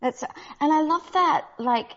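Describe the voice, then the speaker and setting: A woman's voice: high-pitched, slow, a bit bright. Chatty woman guest on a podcast. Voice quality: chatty, enthusiastic. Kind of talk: casual podcast chat. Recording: slightly dull lo-fi sound.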